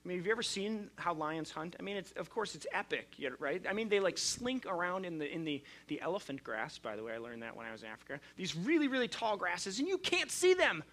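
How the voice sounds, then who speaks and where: A man's voice: sits high, sing-song, quick pace, hardly any pauses, a bit bright. A male pastor preaching a sermon in a conversational, storytelling way, often restarting his sentences.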